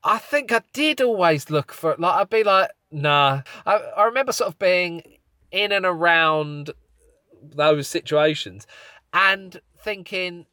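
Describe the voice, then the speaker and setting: A man's voice: high voice, measured pace, sharp tone, no echo, clean studio sound. A man co-hosting a podcast in casual comedic chat, rambling as he sets up scenarios. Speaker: podcast co-host.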